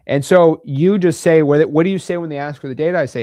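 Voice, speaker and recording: A fast-talking American man with a mellow, higher-than-average voice coaches real estate wholesaling to camera. He's blunt, emphatic and chatty with slangy asides, and the sound is clean studio audio with no room sound.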